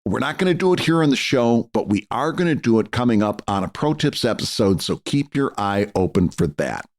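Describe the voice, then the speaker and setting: Relaxed American co-host, lively pitch, talks things through loosely. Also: male voice, a little fast. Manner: relaxed, rambling explanations. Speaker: podcast co-host. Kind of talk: casual chat.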